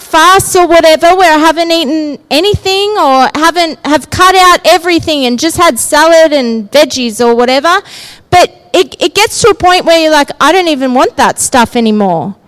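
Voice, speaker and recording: Aussie woman preaching, super high voice, slow and chatty, keeps asking the room "yeah?". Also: a bit bright, low-quality recording. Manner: conversational, often checking in with the listeners. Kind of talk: sermon.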